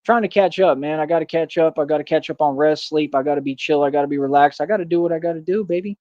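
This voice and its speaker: Earnest man, fairly high voice. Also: fast, darkish tone, dry recording. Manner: earnest, emphatic, peppered with "man" and "bro". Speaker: street performer in a Batman costume. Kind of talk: casual vlog monologue. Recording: dull lo-fi dry sound.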